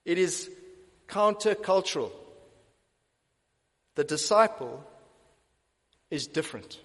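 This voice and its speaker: A man's voice: sits high, expressive, slow pace, fairly bright tone. Emphatic man preaching a sermon in a hall. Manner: emphatic, repeats key phrases for stress.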